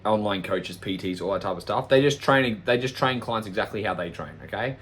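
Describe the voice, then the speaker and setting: A man's voice: lowish voice, fairly quick, a bit bright. A man, a fitness coach ranting bluntly and profanely in a casual podcast monologue.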